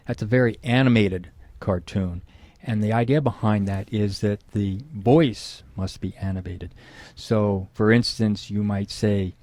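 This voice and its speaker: A man's voice: on the low side, darkish tone, no echo. A middle-aged man, a guest expert, explaining in conversation to an interviewer and acting out example phrases with emphasis.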